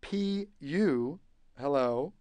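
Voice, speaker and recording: A woman's voice: deep voice, animated, extremely slow, mellow, clear, resonant tone, no echo, full character voice. A woman voicing a pushy, whiny cartoon pigeon in a game, wheedling and bargaining with big dramatic outbursts. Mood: pleading. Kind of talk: animated game character voice.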